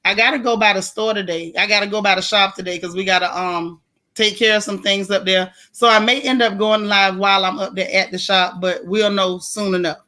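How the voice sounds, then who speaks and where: Blunt, animated woman live-streaming. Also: medium pitch, brisk. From Florida. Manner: blunt, animated, laughs often, slangy. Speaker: livestream host. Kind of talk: casual livestream chat reading viewer comments.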